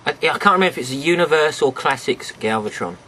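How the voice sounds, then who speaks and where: A man with a high, bright voice reviews a toy to his camera at home. He rambles in a chatty way and keeps talking straight to his viewers. His pitch bounces around a lot as he goes. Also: expressive, fast talker, slight background noise, poor audio. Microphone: camera mic, sometimes off camera.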